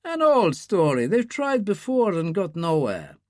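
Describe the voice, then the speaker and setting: Measured, worldly spymaster, read by a male narrator, unhurried, lively pitch. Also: dry recording, studio quality, full character voice. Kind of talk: audiobook character reading.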